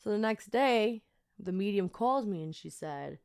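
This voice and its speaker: A young woman tells a personal story on her podcast in a loose, chatty way. Her voice sits at a middle pitch, and she fills her talk with casual fillers as she goes. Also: a little slow, gravelly, clear, resonant tone. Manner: chatty and animated, many fillers. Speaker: podcast host.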